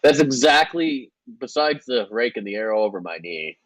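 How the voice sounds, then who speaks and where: A man running a tabletop game as game master, laid-back and quick to laugh, swearing casually. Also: medium pitch, lively intonation, dry recording.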